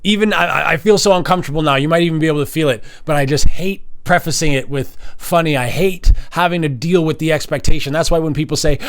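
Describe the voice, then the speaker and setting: A man speaks at a microphone in a loose confessional monologue. His pitch rises and falls widely as he jumps into high mock voices, then drops to low, quiet asides. The delivery stays restless and playful. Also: moderate pace. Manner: animated, swings between high mock voices and low mutters. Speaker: vlogger and musician. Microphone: standing at a microphone.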